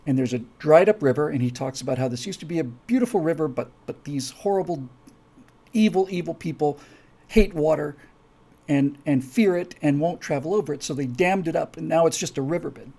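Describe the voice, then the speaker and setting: A man's voice: on the high side, fairly quick, dark tone. A man hosting a live stream, talking casually and rambling with many restarts and asides. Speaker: host.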